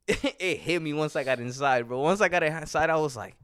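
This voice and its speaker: A young man with a smooth, clean voice tells stories on a podcast, joking and laughing between the details. The sound is dry and close, with no room around it. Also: fairly high pitch, normal speed, a bit bright, no room sound. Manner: joking, laughs often, storytelling. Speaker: podcast co-host. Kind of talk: casual chat.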